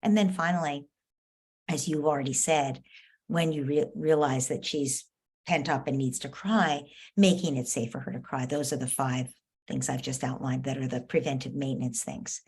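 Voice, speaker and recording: A woman's voice: rumbling low, fairly even intonation, moderate pace, husky. A middle-aged woman giving parenting advice in a live question-and-answer session, acting out what parents and children might say. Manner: warm coaching tone, acts out parent and child lines. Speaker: parenting expert answering callers.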